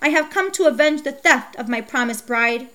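A woman voicing an angry, vengeful man who speaks in a loud, declaiming way. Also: high-pitched, animated, normal speed. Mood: wrathful. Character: angry vengeful uncle with a javelin.

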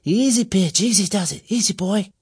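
A tender young boy with a high, husky voice that lifts well above the reader's own, as a man puts him on. He speaks softly and coaxingly, with a lively rise and fall. The sound is dry and close. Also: brisk, no room sound, heavily acted. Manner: soft, coaxing. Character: gentle young boy soothing a hurt bird.

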